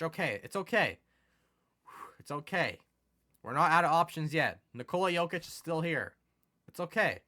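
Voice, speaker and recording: Bright-voiced excitable young gaming commentator. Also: male voice, a little high, moderate pace, pauses often. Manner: excitable, swings from mumbling to exasperated yelling. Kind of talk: casual gameplay commentary.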